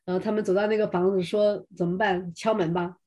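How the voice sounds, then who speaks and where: A woman's voice: medium pitch, steady tone, dark tone. Woman interpreting a sermon, hesitant. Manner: hesitant, fills pauses with 'uh'.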